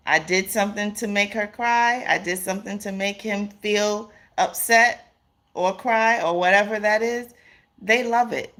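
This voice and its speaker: A woman's voice: on the low side, fairly bright tone. A woman hosting a live stream in a casual, earnest way, repeating points for emphasis and greeting chat viewers by name.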